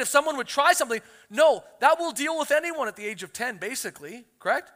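Male pastor preaching with a high, bright voice and animated storytelling, booming hall reverb. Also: fast talker. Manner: animated storytelling, acts out quotes. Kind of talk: sermon.

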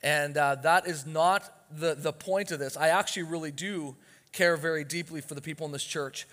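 Male pastor, high-pitched, earnest and emphatic delivery, church hall with a long echo. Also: moderate pace, fairly bright tone. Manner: earnest, emphatic, rising to urgency on key points. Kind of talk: sermon.

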